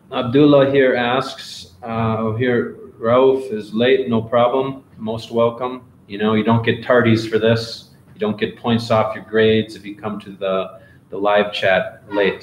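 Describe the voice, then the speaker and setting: During live Q&A office hours for an online English class, a man reads out questions and answers them in a relaxed, encouraging way. His voice is low, and the echoey room carries a faint background hiss.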